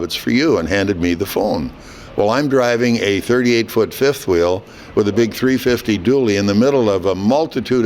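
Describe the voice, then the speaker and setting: A man in his eighties, a veteran hockey broadcaster, telling a lively story in an interview. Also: lowish voice, a little hiss or hum. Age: 80s. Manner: animated anecdote teller, quoting others.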